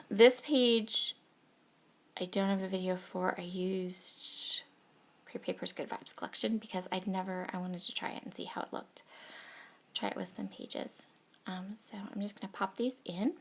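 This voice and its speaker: Hoarse, chatty woman with a cold. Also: medium pitch. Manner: chatty, bubbly, gushing over cute things. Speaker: scrapbooking crafter. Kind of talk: casual crafting tutorial chat.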